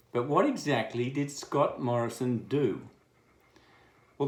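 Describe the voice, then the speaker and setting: An Australian man with a mid-range voice launches into a scathing, crude, sarcastic political rant. The political commentator's monologue sounds reverberant.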